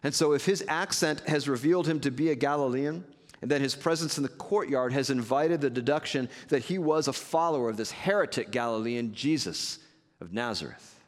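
Male pastor preaching in a reverberant hall. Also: mid-range voice. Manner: earnest, measured preaching with conversational asides. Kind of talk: sermon.

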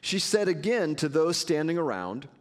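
A man preaching a sermon as pastor, earnest and measured with conversational asides. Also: on the high side, very animated, big-room sound.

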